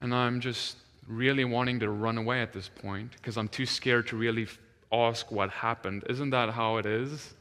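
Man, preacher, sermon storytelling, animated, bright voice, long hall reverb. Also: mid-range voice. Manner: animated, acts out quoted voices.

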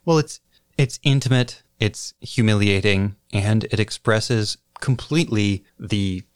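A man co-hosting a podcast, giving a measured, analytical discussion. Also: fairly low pitch, clean tone, no echo, clean studio sound. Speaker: podcast co-host.

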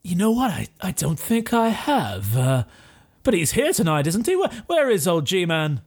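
Man voicing a genteel party host, fussy, overly polite, lively pitch, fairly high. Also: moderate pace, heavily acted. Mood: courteous.

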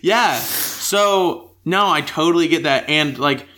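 A woman's voice: sits low, takes it slowly, background noise. A woman hosting a casual podcast, bantering and laughing at herself. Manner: giggly, self-deprecating banter. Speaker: podcast host.

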